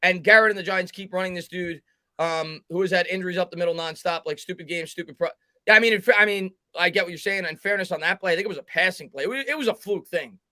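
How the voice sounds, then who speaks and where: Bright-voiced man calling a live game. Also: high-pitched, no room sound. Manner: fast commentary, reads viewer chat aloud, halting restarts. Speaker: host doing play-by-play. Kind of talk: live sports play-by-play and reaction stream.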